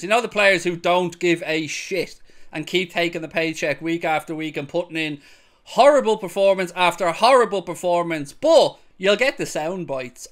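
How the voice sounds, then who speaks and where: A young man reacting to football highlights, shifting from sarcastic mutters to loud whooping cheers. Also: normal speed. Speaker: football fan reaction host. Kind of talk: excited match-highlights reaction commentary.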